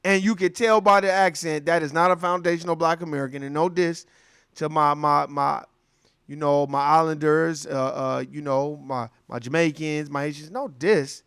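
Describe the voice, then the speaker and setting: Animated man telling stories. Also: a little high, normal speed, smooth, dry recording, clean studio sound. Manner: animated storytelling, acts out voices. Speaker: commentator. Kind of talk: casual profane monologue.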